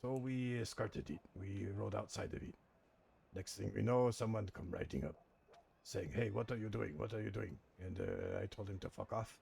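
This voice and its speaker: A man's voice: lowish voice, moderate pace, a little mellow, exaggerated voice. A man playing a defiant foreign-born outlaw who tells his story in broken English and swears bluntly. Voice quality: gravelly and husky. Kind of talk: roleplay in a western game.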